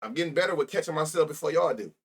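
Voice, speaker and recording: A man's voice: on the high side, animated, rapid-fire, gravelly, husky. A young man streaming live about sports bets, rambling and profane, laughing often and talking straight to his chat.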